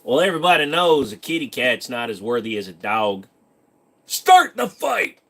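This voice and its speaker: A man's voice: mid-range voice, lively intonation, brisk, pushed and bright. A young man hosting a casual live stream, reading questions from chat aloud and answering them in a rambling, joking way.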